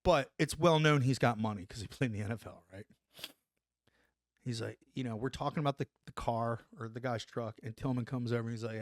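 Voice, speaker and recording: Man, forties, army veteran guest, animated anecdotes, mid-pitched, dry studio mic. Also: a little fast, no echo. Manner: animated, tags lines with "right?", laughs while telling. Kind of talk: casual storytelling anecdote.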